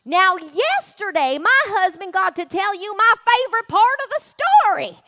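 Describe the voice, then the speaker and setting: A woman playing a bubbly, excitable lady with a pet snake, telling a story at a children's camp in a gushing, folksy way. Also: extremely high pitch, moderate pace, heavily acted. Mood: storytelling. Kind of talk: children's ministry skit storytelling.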